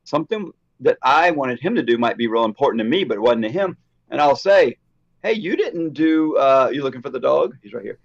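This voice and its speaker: A man co-hosting a casual podcast chat, telling stories and acting out the quoted dialogue with lively energy. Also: mid-range voice, fast, vocal fry, dull audio. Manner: animated storyteller, acts out quoted dialogue. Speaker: podcast co-host.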